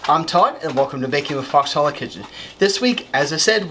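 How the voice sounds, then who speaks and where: A man's voice: fairly high pitch, lively intonation, fairly quick, music in the background. A man hosting a home baking show, chatting upbeat and explaining each step as he works in a kitchen. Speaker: cooking show host. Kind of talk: casual cooking demonstration.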